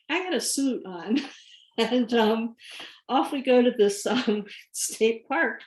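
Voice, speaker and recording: A woman guest speaker telling lively anecdotes about her career, laughing now and then. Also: a little high, slow pace. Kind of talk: career story told to an audience. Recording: echoey room.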